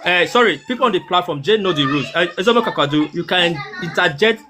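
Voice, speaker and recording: A man's voice: high voice, expressive, fast, background noise. A man moderating an online group discussion, firm and keeping order. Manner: firm, keeps order, repeats "hold on".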